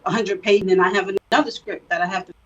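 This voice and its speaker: A woman from South Florida, an actress, talking through her craft in an easygoing interview with reflective, animated storytelling. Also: medium pitch, fast talker, far from the mic, poor audio. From born in the Bahamas, raised in South Florida. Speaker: actress guest. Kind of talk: casual interview talk.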